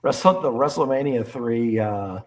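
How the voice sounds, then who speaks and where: A man's voice: mid-range voice, measured pace. A man co-hosting a wrestling podcast in casual chat, trading wry, teasing banter. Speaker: podcast co-host.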